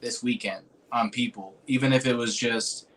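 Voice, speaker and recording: At normal speed, a man with a mid-range, fairly bright voice rambles through a personal story. He says "like" and "dude" constantly, swears freely, and turns earnest and emotional when remembering moving moments.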